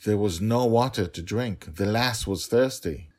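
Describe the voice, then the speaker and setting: A man voicing a stereotypical Irish nanny with an Irish accent, gentle but firm, who speaks softly and insists without raising her voice. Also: lowish voice, a little slow, pitched above the performer's own voice.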